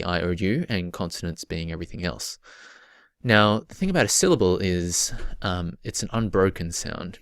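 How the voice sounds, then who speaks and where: A man teaching a recorded poetry lesson, explaining patiently and stretching out example words slowly. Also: low voice, dry recording, clean studio sound.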